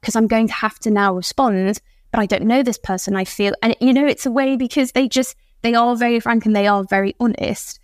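A woman's voice: a little high, steady tone, brisk, dry recording, studio quality. A woman, a think tank policy expert, talking in a podcast conversation. She explains at length and acts out quoted speakers as she goes.

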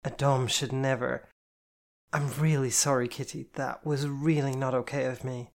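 A man reading the part of a remorseful woman who speaks earnestly, apologizing in halting phrases. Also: mid-range voice, flat delivery, lightly acted. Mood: earnest apology. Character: remorseful woman, a caring dominant partner. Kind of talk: audiobook character voice.

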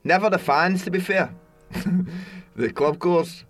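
A man's voice: sits high, slow pace, a bit bright, dry recording, faint music behind. A man chatting casually on a podcast, joking and swearing as he talks. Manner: swearing, jokey, laughing. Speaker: podcast co-host. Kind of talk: casual chat.

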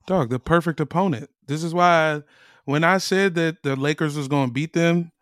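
A man co-hosting a basketball podcast in casual chat, joking and animated as he tells stories. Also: a little high, normal speed, no room sound, studio quality. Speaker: podcast co-host.

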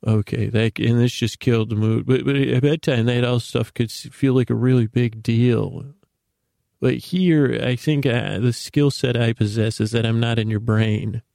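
A man hosting a bedtime podcast, rambling in a meandering, self-deprecating way with a creaky voice, often stumbling and repeating words. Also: mid-range voice, fairly even intonation, normal speed, dark tone, dry recording, clean studio sound. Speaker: podcast host.

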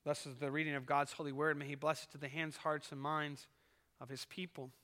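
A male pastor preaching a sermon at a live church service, building to loud emphasis and reading a poem with dramatic force. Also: fairly high pitch, level tone, brisk. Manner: preaches with rising emphasis, reads poetry dramatically. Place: church sanctuary. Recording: live church service with long hall reverb.

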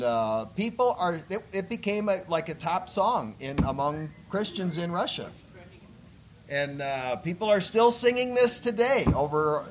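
A man preaching as a missionary, folksy and joking as he tells stories from the pulpit. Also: high voice. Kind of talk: sermon with stories.

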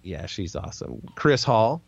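A man's voice: lowish voice, very animated, measured pace, vocal fry, slightly rough, no echo, dull audio. A man co-hosting a podcast, chatting casually and telling a rambling story with plenty of fillers. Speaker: podcast co-host. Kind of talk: casual chat.

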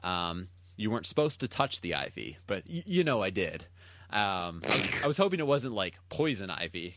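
Low-voiced, lively male podcast co-host. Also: dry recording. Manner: enthusiastic storyteller, laughs easily. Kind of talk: casual chat.

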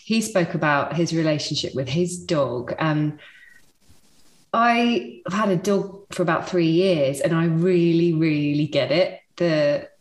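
Low-voiced female podcast host, roomy sound. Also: unhurried. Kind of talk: podcast interview.

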